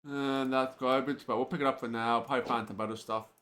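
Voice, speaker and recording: A man's voice: mid-range voice, steady tone, fast, a bit bright. A man streaming an old computer role-playing game, thinking aloud casually with lots of filler words. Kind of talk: let's play commentary.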